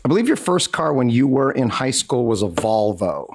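A man's voice: medium pitch, sing-song, moderate pace, a little hiss or hum. A man co-hosting a comedy podcast game, easygoing and wry as he makes his guesses. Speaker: podcast co-host and game contestant. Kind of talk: casual comedic chat.

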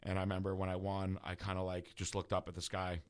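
Male guest, deep voice, candid profane personal story. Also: monotone, fast, smooth. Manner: casual, profane, heavy use of filler words. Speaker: guest bodybuilder.

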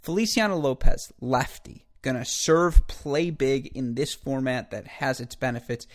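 Guy rattling off tennis bets and odds, chatty and rambly, mid pitch. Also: a little slow. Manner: chatty, rambling, self-correcting. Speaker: tennis betting podcast host. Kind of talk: casual betting picks rundown.

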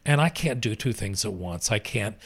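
An older man, a stage actor, telling backstage stories as a guest in a casual chat, animated and frank with a salty edge. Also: lowish voice, moderate pace, husky.

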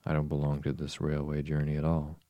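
A man voicing a polite but impatient young girl in a slow, soft bedtime storybook reading. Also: rumbling low, completely flat delivery, no room sound, lo-fi sound.

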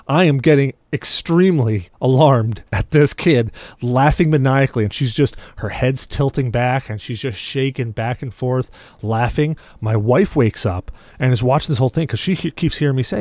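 A man on a gaming podcast spins a story with lots of play-acted dialogue, voice sitting at an ordinary middle pitch. The sound is dry and close, with no room echo at all. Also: moderate pace, a little mellow. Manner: vivid storyteller who acts out quoted dialogue. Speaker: podcast co-host. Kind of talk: casual podcast chat.

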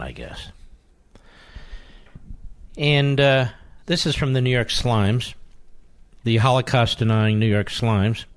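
Combative talk radio host, dry studio sound. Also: male voice, medium pitch, dry recording. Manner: combative, sarcastic, swings between loud emphasis and muttered asides. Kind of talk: talk radio monologue, reading news aloud. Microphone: studio microphone.

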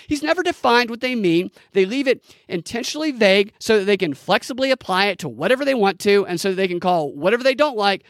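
A man's voice: very high-pitched, fairly bright tone, dry recording, clean studio sound. A man hosting a solo commentary podcast, ranting in an indignant, mocking way. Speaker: podcast host.

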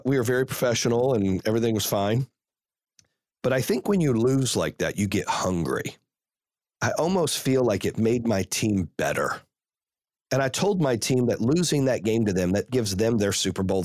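A man's voice: fairly low pitch, no echo, clean studio sound. A man hosting a podcast and coaching youth football, telling stories in a blunt, fired-up, profane way. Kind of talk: casual podcast chat.

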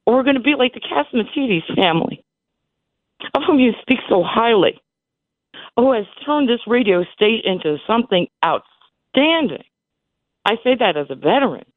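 This caller is a woman in her sixties whose slightly high, animated voice runs at normal speed with frequent pauses. Emotional and emphatic on the radio call-in, she keeps repeating herself, her voice breaking. The telephone audio is tinny, without echo.

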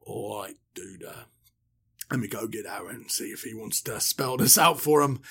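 A man plays a jittery everyman prophet who stumbles over his words. His voice drops low and quiet when he gives in. It is a comic bit, with the voice moving up and down. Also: lively intonation, husky, full character voice. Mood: resigned. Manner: hesitant, halting, dude-speak. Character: nervous, hesitant male prophet, everyman.

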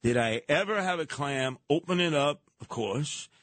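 A man hosting a talk radio show with mocking, animated comic riffs. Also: fairly high pitch, moderate pace, dry recording. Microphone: studio microphone.

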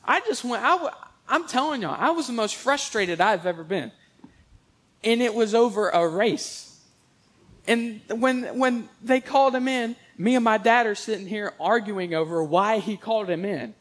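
A young man telling rambling, animated stories in a casual monologue, mixing jokes with religious asides. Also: high voice, moderate pace.

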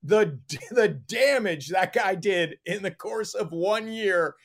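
High-pitched man, podcast co-host, swears a lot, quick joking riffs. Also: animated. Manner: profane, fast, laughing riffs. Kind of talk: casual sports chat.

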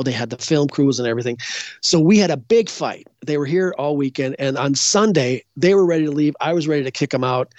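A man's voice: fairly high pitch, darkish tone, no echo. Older guy rambling thru stories, lots of restarts and ums, dull dry recording. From Minnesota, US. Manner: rambling, with many restarts and fillers. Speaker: guest psychic. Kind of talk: casual interview storytelling.

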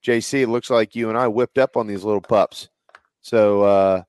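A man's voice: lowish voice, fairly even intonation, normal speed, a little mellow, clean tone, no room sound. A man hosting a casual sports talk show, easygoing and laughing, leading into breaks. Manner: easygoing, laughs, runs the segments. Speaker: radio show host.

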